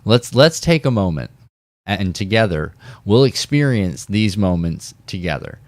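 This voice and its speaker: A man hosting a fishing podcast, telling a rambling story in a casual, animated way and talking straight to his viewers. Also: fairly low pitch, measured pace, no echo, studio quality.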